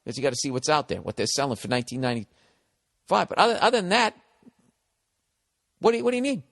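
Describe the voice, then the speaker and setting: A man in his forties with a Boston accent rambles through podcast advice as a comedian host. He is profane and blunt, mock-harsh one moment and encouraging the next. His voice sits fairly high and carries a long reverb tail. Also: sing-song, quick pace, creaky, fairly bright tone. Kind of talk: rambling comic advice monologue.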